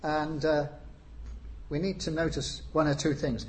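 Male preacher, fairly high voice, unhurried delivery with pauses, faint room hiss behind. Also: very animated. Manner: unhurried, frequent "uh" pauses, rising emphasis on key phrases. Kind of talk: sermon.

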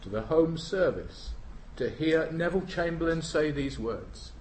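Slow, solemn British preacher. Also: male voice, a little high, lively intonation, a little mellow, a little hiss or hum. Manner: solemn, emphatic, deliberate. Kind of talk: sermon. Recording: roomy church hall.

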